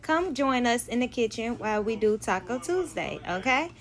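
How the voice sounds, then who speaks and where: A woman's voice: fairly high pitch, expressive, moderate pace. A woman in her thirties chatting casually to viewers in her home kitchen as she cooks, loose and frank, full of asides. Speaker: cooking vlogger. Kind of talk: casual kitchen chat to camera.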